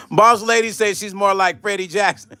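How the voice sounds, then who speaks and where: A middle-aged man hosting a casual live stream, telling gossipy stories in an animated way, swearing and reading out chat comments. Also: high-pitched, unhurried, smooth, faint music behind. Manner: animated, swearing, acts out quoted voices, talks to chat.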